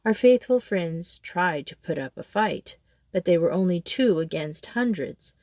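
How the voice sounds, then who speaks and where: A woman reading a children's storybook aloud in a steady, expressive way. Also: fairly low pitch, a little slow, no room sound, clean studio sound. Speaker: storybook reader. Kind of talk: storybook narration.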